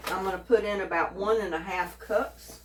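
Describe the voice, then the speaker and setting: This home cook vlogger has a medium-pitched, steady voice and talks at a moderate pace. Cooking in her home kitchen, she gives a casual demonstration, chatting homily and speaking straight to her viewers in a chatty, homey manner. The sound comes from a noisy camera mic set back in the room, with kitchen echo.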